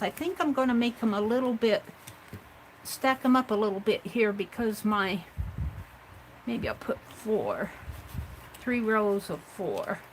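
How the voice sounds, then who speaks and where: A woman's voice: medium pitch, fairly bright tone, slight background noise, poor audio. A woman hosting a casual craft livestream, chatting to herself and viewers as she tidies her supplies at home. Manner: chatty, talks herself through tidying up.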